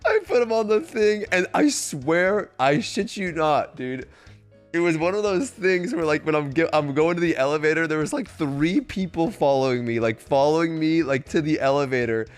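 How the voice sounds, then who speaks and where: A young man streams a rambling, profane story to his chat. He jumps into squeaky impressions of the people he met. Faint music plays under his voice. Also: normal speed, clean tone. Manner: animated, profane, high-pitched mimicry of others. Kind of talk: casual storytelling.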